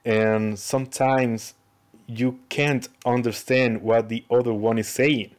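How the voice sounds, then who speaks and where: A man's voice: mid-range voice, fairly even intonation, slow pace. A man from Chile, a guest on a podcast, chatting casually and plainly.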